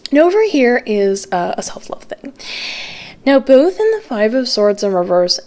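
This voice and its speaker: A woman's voice: sing-song, normal speed, warm tone. Chatty woman tarot reader. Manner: chatty, many fillers, pitch jumps up when stressing words. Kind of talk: casual to-camera card reading.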